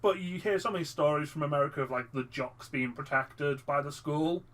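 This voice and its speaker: Animated podcast co-host. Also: male voice, fairly high pitch. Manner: animated, acts out dialogue in quick asides. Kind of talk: casual film review chat.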